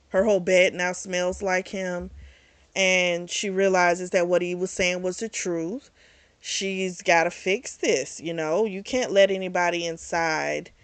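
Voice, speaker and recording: A woman's voice: fairly low pitch, no echo. Blunt woman recapping a book. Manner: animated, blunt, swears freely. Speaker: book club channel host. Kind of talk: casual book review recap.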